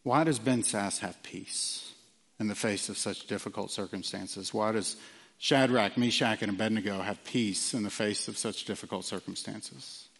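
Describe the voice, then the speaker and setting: A man preaching a sermon earnestly, with frequent fillers and quiet drops for emphasis. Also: fairly low pitch, moderate pace, vocal fry, slightly rough, in a large hall. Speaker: pastor.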